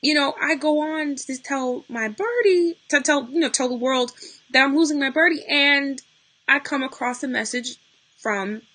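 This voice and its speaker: A woman livestream host talks unscripted through her grief, tearful and near tears, greeting viewers mid-sentence. Her voice is bright and high-pitched, but she's losing it, and she speaks at normal speed. The recording quality is low.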